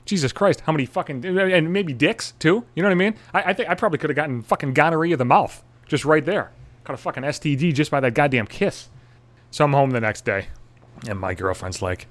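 A man's voice: on the high side, fairly quick. A young man, a podcast host, telling a crude story in a sarcastic, swear-filled monologue.

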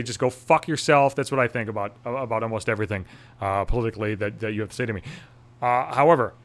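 A man who works in radio unloads a profane, angry monologue. He swears constantly and laces the rant with sarcasm. His voice sits at an ordinary middle pitch. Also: a bit bright. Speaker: radio station worker.

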